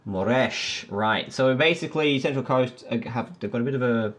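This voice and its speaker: A man's voice: mid-range voice, normal speed, fairly bright tone. A man hosting a casual sports podcast, chatty and full of questions. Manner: chatty, laughing, asks questions. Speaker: podcast host.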